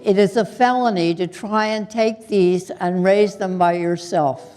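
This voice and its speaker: A woman's voice: mid-range voice, steady tone, a little slow, mellow, soft background music. Woman puppeteer in a reverberant hall. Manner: chatty, explaining, scolding a puppet in fun. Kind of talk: live puppet show narration.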